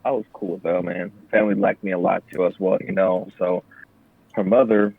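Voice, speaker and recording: Profane young man telling stories, husky voice. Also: brisk, dry recording, phone-quality sound. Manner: profane, animated storyteller who acts out customers in higher voices. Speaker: podcast guest, Marine veteran. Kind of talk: casual conversational interview.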